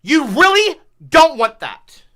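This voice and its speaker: A man's voice: very high-pitched, very animated, slow pace, bright, forceful tone. A man livestreaming, ranting at his chat in an exasperated, profane way.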